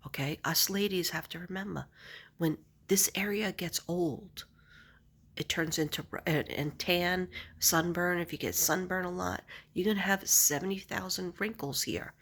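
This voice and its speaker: A woman's voice: lowish voice, a little hiss or hum. A middle-aged woman vlogger chatting casually to camera, rambling and laughing often.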